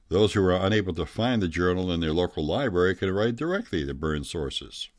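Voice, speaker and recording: Deep-voiced man telling a tall tale. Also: no echo, studio quality. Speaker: storyteller.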